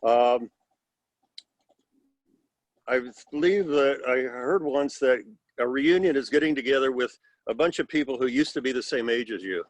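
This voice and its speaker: An older man in his sixties spins a loose, good-humored story, teasing himself and his old classmates as he goes. He speaks at an ordinary pitch. The sound is dry and close, as on a video call. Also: moderate pace, pauses often, no echo. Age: 60s. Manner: rambling, wry, self-deprecating humor. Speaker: alumnus at class reunion. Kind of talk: casual anecdote on video call.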